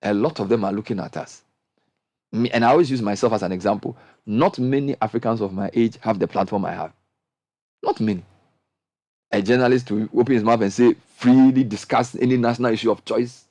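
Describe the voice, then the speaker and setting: A middle-aged man with a Ghanaian accent, hosting a radio panel discussion and speaking with impassioned, animated energy that climbs into high exclamations. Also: brisk, no room sound. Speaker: radio show host.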